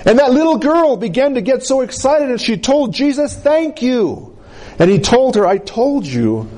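A man preaching a sermon, telling a healing story in a slow, dramatic way with deep drops in his voice. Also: darkish tone.

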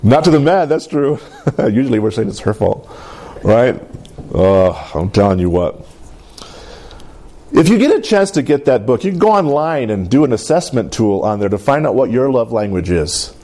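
Man, middle-aged, pastor, sermon, lively swings in pitch, mellow dark tone, call-and-response. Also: moderate pace. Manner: lively, call-and-response preaching with playful voices.

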